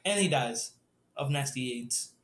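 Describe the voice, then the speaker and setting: A man's voice: medium pitch, animated, unhurried, fairly bright tone, echoey room. A man rambling through an improvised zombie story with a friend, laughing often and leaning on lots of fillers.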